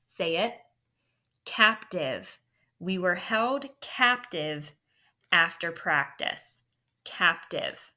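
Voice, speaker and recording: A woman teacher giving a slow, deliberate spelling dictation lesson, saying each word, using it in a sentence, then checking the marking. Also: fairly low pitch, expressive, bright, forceful tone.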